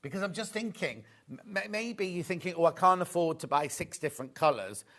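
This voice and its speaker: A man's voice: on the high side, expressive, a little fast, fairly bright tone. Chatty Yorkshire man selling wool fabric. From northern England. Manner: chatty, enthusiastic, agreeable. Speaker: shopping show co-host. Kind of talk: live shopping chat.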